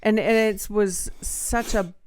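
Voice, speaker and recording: A woman's voice: medium pitch, fairly even intonation, takes it slowly, darkish tone, slight background noise. A middle-aged woman co-hosting a podcast, chiming in supportively and finishing her partner's sentences. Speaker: podcast co-host. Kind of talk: casual chat.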